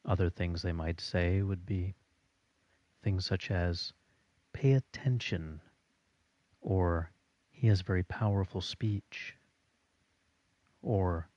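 A man giving a recorded audio lesson in a slow, steady instructional delivery. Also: low-pitched, dry recording, lo-fi sound.

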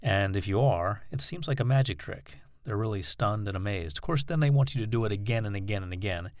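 A man's voice: on the low side, brisk, a little mellow, dry recording, studio quality. A man teaching an exercise, patiently explaining it step by step with examples. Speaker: instructor. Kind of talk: instructional talk.

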